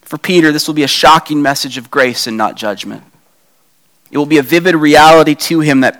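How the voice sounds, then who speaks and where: Fairly quick and on the high side, this man's voice has a fairly bright tone. He's a pastor giving a conversational sermon, throwing rhetorical questions at the congregation and performing quoted lines in a raised voice.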